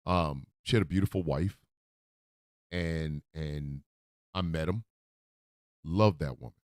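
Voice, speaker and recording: A man hosting a radio show, talking from the heart in a profane, emotional monologue that swings into loud outbursts. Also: extremely low pitch, slow pace, no room sound, clean studio sound. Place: radio studio.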